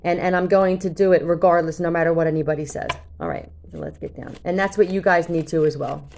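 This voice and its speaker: A woman's voice: fairly low pitch, expressive, quick pace, a little mellow, a little hiss or hum. A woman tarot reader talking casually to her viewers, blunt and cursing freely, often checking in with "okay?". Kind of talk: casual talk to camera.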